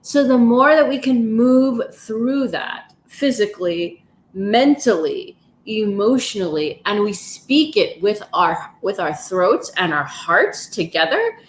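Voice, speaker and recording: Woman, gentle encouraging coach for a livestream session, mid-pitched, echoey room. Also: lively intonation, a little hiss or hum. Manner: gentle, encouraging, slow and soothing. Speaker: wellness coach leading a live session. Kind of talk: guided stretching, breathing and affirmations. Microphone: livestream, device mic.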